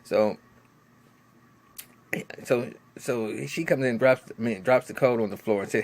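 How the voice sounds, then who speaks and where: A man giving a casual vlog review of a TV episode, animated and profane, with lots of restarts and laughing asides. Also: mid-range voice, unhurried, gravelly, long pauses. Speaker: TV show reviewer.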